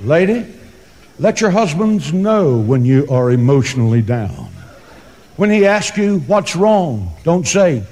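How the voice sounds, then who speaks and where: A man preaches a sermon in a high voice that climbs and plunges dramatically as he drives his points home. His delivery is emphatic and theatrical, with quick joke asides. The sound rings with the long reverb of a large hall. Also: darkish tone. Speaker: pastor.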